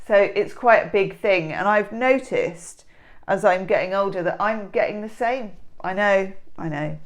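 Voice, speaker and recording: In her kitchen at home, a middle-aged tarot reader from England works through her daily reading, rambling and joking to herself with self-mocking, giggly asides. She has a lowish voice and talks at normal speed.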